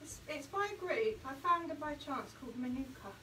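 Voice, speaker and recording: A woman's voice: high-pitched, fairly quick, echoey room. A woman born near Liverpool, chatting and laughing as she paints in a craft video. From born near Liverpool, England. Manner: chatty, laughing, animated storytelling. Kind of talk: casual chat while painting. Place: indoor craft studio, hot room. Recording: distant mic with noticeable background noise.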